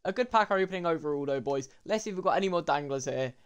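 A young man, commentating his game pack openings in an excitable way and talking to viewers as lads and boys. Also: fairly high pitch, fast, clear, resonant tone. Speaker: gaming YouTuber.

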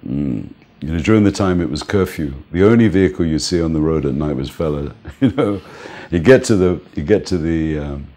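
An older man, a music manager, telling anecdotes in an interview, animated, laughing often and acting out the people he quotes. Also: a bass voice, brisk, hardly any pauses.

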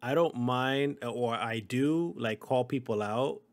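A man co-hosting a gaming podcast in an easygoing, everyday voice at a middle pitch. He talks loosely, with plenty of fillers and casual swearing. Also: measured pace. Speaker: podcast co-host.

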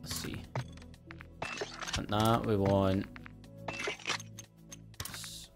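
A man's voice: lowish voice, level tone, drawn-out words, gravelly, music in the background. A young man hosting a casual gameplay livestream, chatty, swearing freely and thanking viewers. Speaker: streamer and host.

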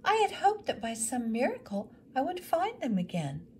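A woman's voice: high voice, huge pitch swings, moderate pace, a little mellow, slight background noise, pitched above the performer's own voice. A woman voicing a polite, earnest widow in a read-aloud story.

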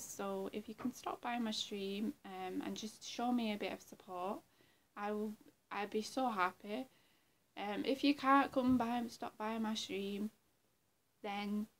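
A woman's voice: mid-range voice, slight background noise. A woman vlogger chatting casually to her viewers, rambling and giggly and trailing off into murmurs, with a throat infection. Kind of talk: casual vlog chat.

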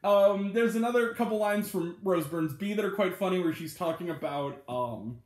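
A man's voice: sits high, moderate pace. A man hosting his own channel, giving a casual spoken movie review, rambling and chatty with lots of filler words and little laughs. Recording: roomy echo.

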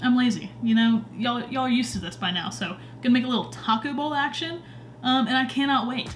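A young woman with a higher voice talks fairly quickly to a camera on a short tripod at home, with slight background noise. Her casual vlog chat rambles along, full of filler words.

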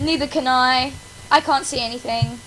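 A woman's voice: high voice, fairly even intonation, normal speed, a bit bright, a little hiss or hum, low-quality recording. A woman hosting her gaming channel in casual gameplay commentary, melodramatically complaining about her failures with wails and laughter.

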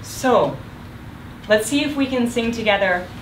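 A woman's voice: fairly high pitch, measured pace. A woman leading a group voice workshop as an upbeat, encouraging guest speaker, in a meeting room. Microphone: distant room mic. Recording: roomy, distant, noisy room recording.

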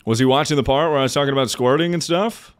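A man's voice: mid-range voice, fast talker, smooth. A young man livestreaming a game, chatting casually with his viewers, joking and swearing as he answers their messages. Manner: loose and joking, swears freely, answers chat out loud. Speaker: livestreamer playing a game and reading chat. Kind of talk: casual stream chat.

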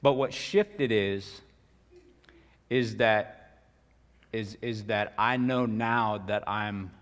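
A man's voice: fairly low pitch, fairly even intonation, extremely slow, a bit bright. A middle-aged male pastor preaching a sermon in a casual, folksy way, full of asides and repeated words. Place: church sanctuary. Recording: reverberant church hall.

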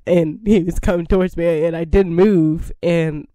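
A woman's voice: on the low side, steady tone, moderate pace, warm tone, no room sound, studio quality. A woman gaming creator chatting casually to her viewers, rambling, giggly and repeating herself.

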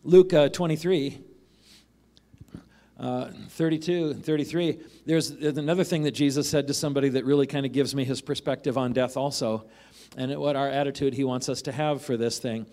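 A man's voice: mid-range voice, fairly even intonation, normal speed, dark tone. A man preaching a sermon as a pastor, in a conversational way, often asking "right?" and acting out the voices of the people in the passage he reads.

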